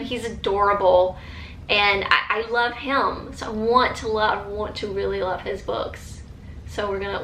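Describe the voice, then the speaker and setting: Woman vlogger, casual and gushing, bright tone, roomy echo. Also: medium pitch, a little hiss or hum. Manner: enthusiastic, chatty, many fillers and restarts. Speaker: book vlogger. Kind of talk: casual chat.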